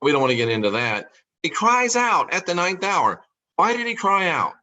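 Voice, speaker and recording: A man's voice: high voice, big pitch swings, pushed and bright. Emphatic man asking rhetorical questions. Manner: slows and stresses key words. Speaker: podcast host. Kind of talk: monologue on scripture.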